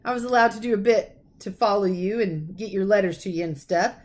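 A woman voicing a huge, gruff but kindly male half-giant gamekeeper with rough folksy speech, read aloud from a storybook. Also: sits high, a little fast, natural voice. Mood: rueful.

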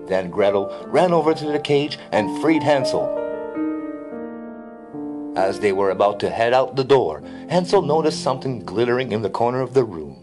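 Male storybook narrator, expressive, with faint music behind. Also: on the low side, moderate pace.

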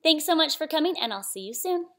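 A woman reading a picture book aloud to young children, her voice high and very lively. She keeps a sing-song storytime manner and stops to ask the kids questions. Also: fast. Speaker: storyteller, channel host.

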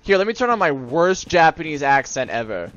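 A man giving live gameplay commentary as a let's-play host, excitable and joking to himself, yelling at enemies. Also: on the high side, a little fast, muffled recording.

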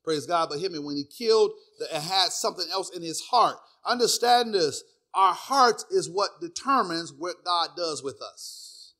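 A middle-aged male pastor delivers a sermon peppered with "praise God" and "hear me." He alternates between hushed asides and loud, sung preaching, his voice sitting high, expressive, at a moderate pace.

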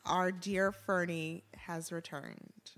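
A woman's voice: fairly low pitch, slow, fairly bright tone. A woman hosting a casual chat podcast, laughing often as she runs the segments. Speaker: podcast host.

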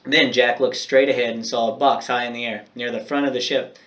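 A man's voice: mid-range voice, fairly even intonation, brisk, a bit bright, far from the mic. A male teacher with a mid-range voice reads a children's chapter book aloud to his class. He then goes over homework, speaking directly and encouragingly to his students.

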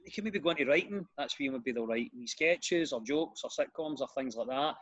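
A man with a Glaswegian accent, a comedian and radio presenter, telling stories in a casual podcast chat with lively restarts. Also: mid-range voice, fairly quick, husky, dull audio. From Glasgow, Scotland. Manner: animated storyteller with frequent restarts.

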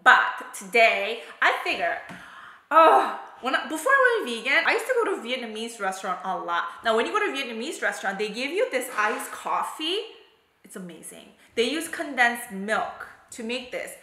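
A woman's voice: fairly high pitch, very animated, moderate pace, pushed and bright. A woman hosting a home cooking and mukbang vlog, chatting animatedly to the camera and laughing often. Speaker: vlogger, mukbang host. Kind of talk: casual chat to camera. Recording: echoey room.

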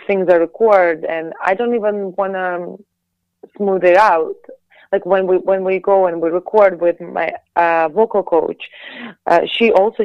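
A woman from Latvia, a singer and actress, talking casually as an interview guest in quick bursts full of restarts and fillers. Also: lowish voice, no room sound. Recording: dull, dry lo-fi audio.

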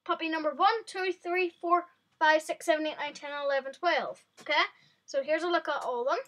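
Bright, high woman chatting excitedly through a game to her viewers. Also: brisk. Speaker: vlogger. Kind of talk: casual gameplay commentary.

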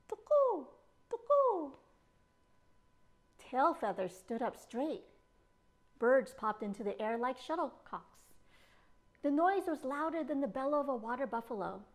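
Slow, animated woman reading a picture book. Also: high-pitched. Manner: slow, expressive storytelling. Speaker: children's librarian. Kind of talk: storytime read-aloud.

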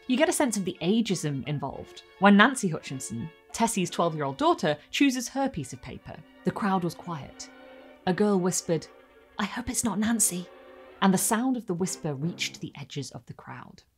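A woman talking through a short story and reading passages aloud, her pitch rising and falling animatedly. She gives each quoted line its own colour. Faint music sits softly underneath. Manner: expressive reading, lively quotes. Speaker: book video host. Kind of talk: book review and read-aloud.

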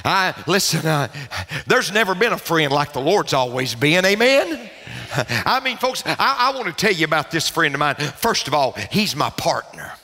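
A man preaching a sermon as pastor, with emphatic repetition and shouted peaks. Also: on the high side, big pitch swings, normal speed. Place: large church sanctuary. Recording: long church reverb.

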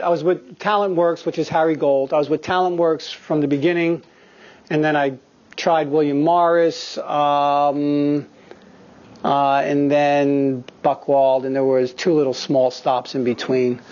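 A man in his fifties talks to acting students in a studio, swearing freely and telling lively, unfiltered stories. His voice sits a little high for a man. The recording is slightly dull and lo-fi. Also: unhurried. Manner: profane, animated storyteller. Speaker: guest actor speaking to acting students. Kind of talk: candid anecdotal talk.

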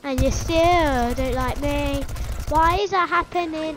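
Over background music, a woman speaks slowly in a high-sitting voice. She hosts a gaming channel, offering playful commentary on her match and teasing her teammates.

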